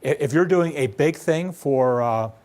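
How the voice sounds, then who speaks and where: A man presents a live small business seminar in a seminar room at a measured pace, his voice a little mellow. He talks conversationally, poses plenty of rhetorical questions, and plays a demanding debtor with a raised pitch.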